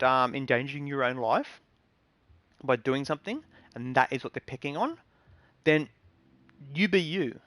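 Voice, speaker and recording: A man's voice: fairly high pitch, dry recording. A man streaming games, chatting casually and giving earnest advice to viewers with lots of ums and restarts. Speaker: game streamer. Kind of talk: casual live-stream talk.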